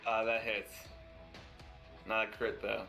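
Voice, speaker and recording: A man's voice: fairly low pitch, little pitch movement, slow, vocal fry, bright, forceful tone, soft background music. A man playing in a live-streamed tabletop game, laying out his character's moves matter-of-factly.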